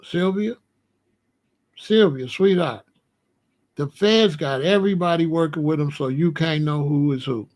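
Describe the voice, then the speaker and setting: A man hosts a casual live stream. His voice sits high for a man. He talks in an animated way, laughs between points and calls out viewers by name. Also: normal speed. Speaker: host of a live call-in show.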